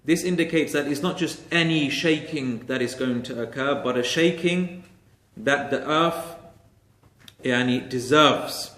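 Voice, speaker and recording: A man's voice: mid-range voice, measured pace, a bit bright, reverberant. A man teaching a Quran exegesis class, explaining Arabic grammar step by step and repeating key phrases for emphasis.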